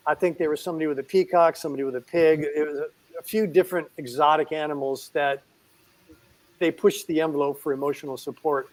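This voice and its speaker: A middle-aged man, a veterinarian guest, telling an anecdote in an animated way with chuckles. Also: on the high side, quick pace, low-quality recording. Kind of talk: anecdotal storytelling.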